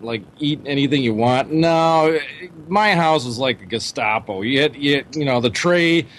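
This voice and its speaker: A man's voice: mid-range voice, normal speed, a bit bright, slight background noise. A man on a podcast rambling about his childhood, filling his speech with 'you know' and 'like'. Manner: rambling, many you-knows and likes. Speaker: podcast co-host. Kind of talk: casual chat.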